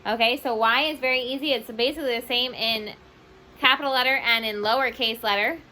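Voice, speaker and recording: A woman's voice: fairly high pitch, steady tone, a little fast, pushed and bright, slight background noise. A woman teaching a class, spelling words out letter by letter and mixing in Spanish words. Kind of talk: online class lesson.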